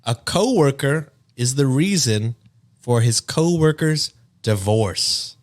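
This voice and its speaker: A man's voice: mid-range voice, lively intonation, slow pace. A man co-hosting a casual podcast, joking around and introducing stories in a laid-back way. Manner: laid-back, jokey, reads stories aloud. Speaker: podcast co-host.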